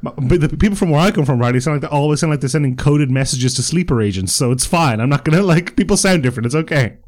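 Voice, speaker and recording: A man's voice: a little high, lively intonation, fast, a little mellow. A man co-hosting a podcast in casual, joking chat, teasing his friend. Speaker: podcast co-host.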